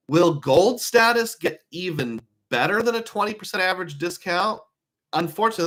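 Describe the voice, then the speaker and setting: A man talks casually to his viewers, thinking out loud and posing one rhetorical question after another. His voice sits a bit on the high side. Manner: musing, asks many rhetorical questions. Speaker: travel rewards commentator. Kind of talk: casual live talk to viewers.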